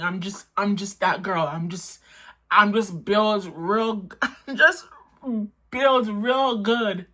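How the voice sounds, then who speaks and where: Full of "like"s, this woman's laid-back storytime is animated, her pitch leaping up fast, especially when she quotes her own words in a high swing.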